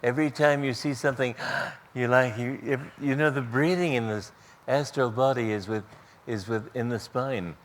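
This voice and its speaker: A man giving a spiritual talk in an auditorium, gentle and storytelling, with pauses and restarts. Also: medium pitch, slight background noise. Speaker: spiritual teacher.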